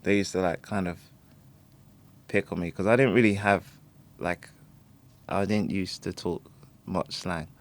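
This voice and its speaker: Speaking at a measured pace with frequent pauses, a deep-voiced man co-hosts a laid-back podcast. His storytelling is animated, full of laughter and offhand swearing.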